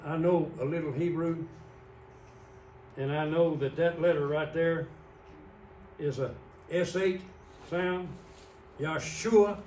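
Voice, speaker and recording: A man's voice: a little high, fairly even intonation, slow, long pauses, a little mellow, a little hiss or hum. A man preaching an evening sermon as pastor, explaining words on a screen step by step. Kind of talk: evening sermon with Bible teaching. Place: church sanctuary. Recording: roomy church sound from a distant mic.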